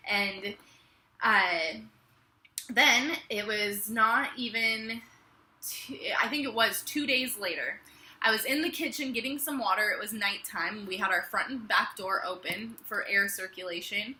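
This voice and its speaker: Bright chatty young woman vlogger. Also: mid-range voice, measured pace. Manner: chatty, animated, lots of "like" fillers. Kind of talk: casual storytelling to camera. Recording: echoey room.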